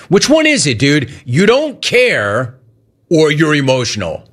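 A male sports radio host tearing into a subject with biting sarcasm. His voice sits a little high and swings widely in pitch as he mocks and scolds. He talks in a talk-radio rant. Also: a little slow. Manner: sarcastic, mocking, animated.

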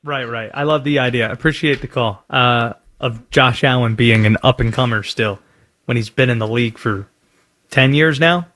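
A man hosting a sports talk radio show, taking calls and tossing out quick opinions with lively asides. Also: mid-range voice.

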